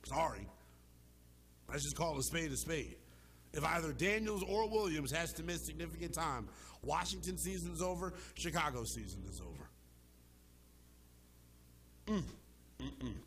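A man's voice: a little high, animated, a little slow, long pauses, fairly bright tone. A man hosting a sports talk show, arguing with emphatic, impassioned delivery and casual slang. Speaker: sports radio host.

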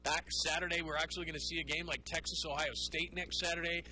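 High, bright-voiced sports radio host. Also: male voice, fast talker, rough recording. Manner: animated, rambling, mocks others in put-on voices. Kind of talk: call-in sports talk.

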